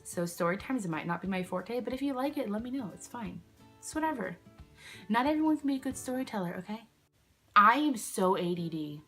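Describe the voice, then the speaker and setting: Filming herself at home near some candles, a chatty young vlogger rambles through a casual storytime in a medium-pitched, bright, forceful voice. She keeps cutting herself off and leans heavily on "like" as a filler.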